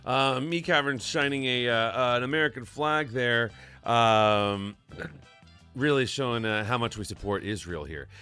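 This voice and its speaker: A man's voice: medium pitch, unhurried, sharp tone, clean tone, soft background music. A man hosting a live stream in casual chat, upbeat and reading viewer messages aloud.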